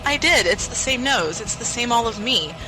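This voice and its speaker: A woman's voice: on the high side, lively intonation, moderate pace, music in the background, pitched above the performer's own voice, natural voice, poor audio. A woman reading the part of a young female companion in a podcast read-through, in a plain accent and a patient, teasing tone. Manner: plain non-British read, mildly teasing.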